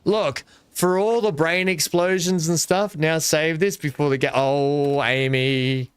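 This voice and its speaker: Here the streamer's voice sits on the high side, with fairly even intonation and a slightly slow delivery. He plays a park-building game, chatting loosely with his audience, poking fun at himself and musing aloud with many fillers. The sound is clean and dry.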